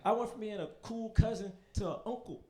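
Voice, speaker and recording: A young man performing a stand-up comedy set, telling profane, animated stories with quick asides to the audience. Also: high voice. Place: comedy stage in front of a live audience.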